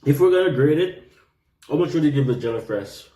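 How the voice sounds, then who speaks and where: A man's voice: on the high side, animated, a little fast, a crowd in the background. Jamaican man vlogging in an echoey room. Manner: chatty, laughing while chewing. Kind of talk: casual food-tasting chat.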